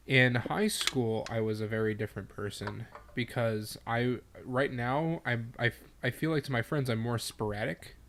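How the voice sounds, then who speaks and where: A tipsy man in his early twenties talking haltingly in casual chat, repeating himself. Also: mid-range voice, fairly bright tone, slight background noise. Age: early 20s.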